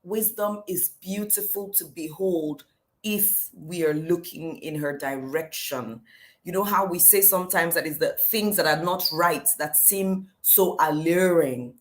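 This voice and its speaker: A middle-aged woman gives a devotional teaching, telling stories in a lively, expressive way. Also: fairly low pitch, a little slow. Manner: lively storytelling, acting out quotes with shouts and laughs. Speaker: teacher leading a daily devotional series. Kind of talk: teaching a devotional talk on scripture.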